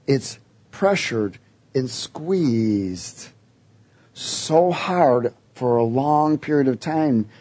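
Husky-voiced man preaching. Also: mid-range voice, darkish tone. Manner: storytelling, quoting voices in his tale. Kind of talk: sermon with personal story.

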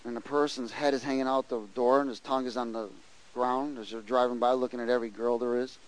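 A man's voice: medium pitch, fast talker, poor audio. A man preaching a sermon, telling personal stories animatedly and acting out the voices of people he met. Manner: animated storytelling, acts out voices, frequent restarts.

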